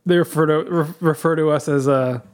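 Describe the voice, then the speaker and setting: A man co-hosting a podcast in casual chat, teasing and joking, talking in quick bursts. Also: fairly high pitch, fairly even intonation. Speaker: podcast co-host.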